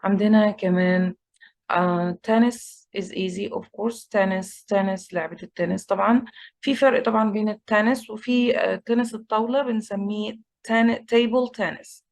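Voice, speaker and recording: A woman with an Egyptian accent teaching an English class, slowly repeating words to drill pronunciation. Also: mid-range voice, fairly even intonation, gravelly, darkish tone. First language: Egyptian Arabic. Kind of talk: online English lesson.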